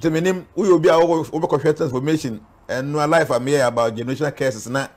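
A man's voice: on the high side, a little fast, a little mellow. A man with a Ghanaian accent, a spiritual guest speaking earnestly in an interview, warning and preaching. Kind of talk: interview talk mixing Twi and English.

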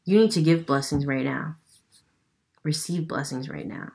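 A woman with a low, dark voice gives a casual tarot reading at a brisk pace, speaking with an unusual accent. She is chatty and loose, swears now and then, and laughs at herself.

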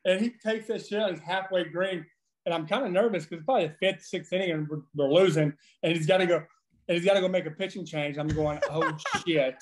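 A man in his thirties, a former pitcher guest on a podcast, telling profane, animated stories with frequent laughing. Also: fast talker. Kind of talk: casual storytelling.

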